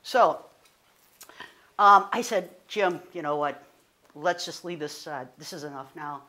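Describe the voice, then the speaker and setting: Lively woman telling a story. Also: low voice, unhurried. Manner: animated, rising to indignant; conversational, with fillers and self-corrections. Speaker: guest speaker. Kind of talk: personal storytelling talk.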